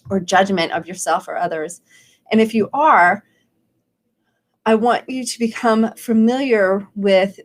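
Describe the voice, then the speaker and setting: A woman hosts a daily challenge as a live-streamed coaching talk, her voice sitting a little high. She encourages her viewers and rambles at times, restarting sentences as she speaks. She acts out the self-questions she wants them to try.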